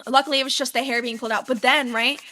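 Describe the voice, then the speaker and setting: A young woman co-hosting a podcast, telling a story in casual chat and acting out her own past yells. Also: sits high, fairly even intonation, fast talker. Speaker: podcast co-host.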